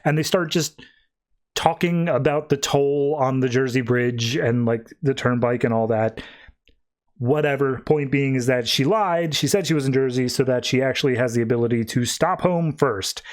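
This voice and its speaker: A man's voice: mid-range voice, normal speed. Rambling casual podcast guy. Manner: loose, rambling recap with many "like"s and restarts; paraphrases characters in his own voice, without doing accents. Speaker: podcast host reviewing comics. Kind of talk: casual comic review chat.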